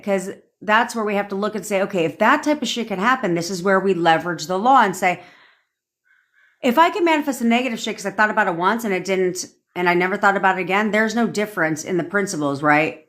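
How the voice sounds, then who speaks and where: A woman's voice: medium pitch, fairly bright tone. A woman, a manifestation coach, telling a story in a casual live-stream rant, swearing freely and repeating points for emphasis.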